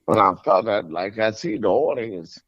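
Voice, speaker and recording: A man's voice: fairly low pitch, expressive, normal speed, dry recording, highs cut off. An American man, a comedian guest, talking bluntly in casual chat with short replies.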